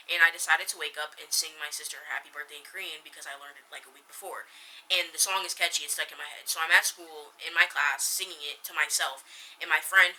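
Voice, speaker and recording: A teenage girl chatting on her own podcast, with a very bright voice sitting a little low. She rambles, stops herself mid-sentence, and tells stories with lots of animation. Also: poor audio. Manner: rambling, self-correcting, animated storytelling. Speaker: podcast host. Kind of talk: casual chat.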